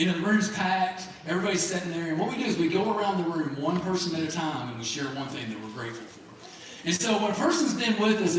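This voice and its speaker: A man's voice: a little high, slight background noise. Easygoing folksy man on a stage. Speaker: program staff speaker. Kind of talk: casual stage banter. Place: large hall, live show. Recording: echoey hall from far off.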